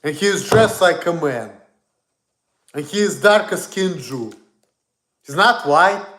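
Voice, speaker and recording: A man's voice: a little high, animated, slow, fairly bright tone, reverberant. A man ranting in a blunt, profane, rambling way on a casual livestream. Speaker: streamer.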